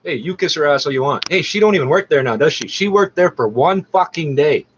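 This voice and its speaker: A man's voice: on the high side, animated, fairly quick. A man ranting sarcastically and profanely, arguing back at the radio as it plays. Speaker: listener ranting over the radio. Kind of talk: angry running commentary. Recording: muffled lo-fi recording with clear background noise.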